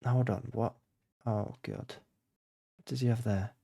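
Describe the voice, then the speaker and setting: Muttering his moves at a measured pace, a man plays blindfold chess for his chess channel and gets flustered whenever he loses the board. His voice is medium-pitched and creaky with fairly even intonation. The studio-quality recording has no echo, and he swings between quiet concentration and panic.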